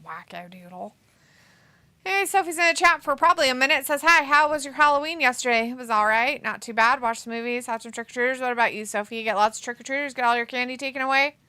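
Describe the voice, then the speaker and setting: A woman with a fairly high, bright and forceful voice, chatting casually on a stream. She reads viewers' messages aloud and answers them. The sound is dry and close, with no room echo. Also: fairly even intonation, fast talker, few pauses, smooth. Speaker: co-host of a wrestling watch-along stream. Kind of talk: casual chat reading viewer comments.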